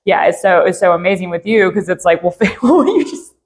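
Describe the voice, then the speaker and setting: A woman's voice: fairly low pitch, level tone, quick pace. A woman hosting a podcast for a chiropractic practice, chatting casually with her guest, affirming often and laughing readily.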